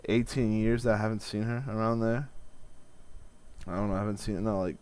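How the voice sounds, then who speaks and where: A man's voice: on the low side, steady tone, a little fast, a little mellow. A man in his twenties venting in a rambling, profane vlog with many restarts. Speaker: vlogger.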